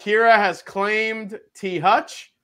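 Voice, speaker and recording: High bright-voiced guy hosting a livestream, upbeat, keeps it moving. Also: slow, clear, resonant tone. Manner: lively, runs the giveaway, upbeat. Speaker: livestream host. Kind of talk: casual livestream chat.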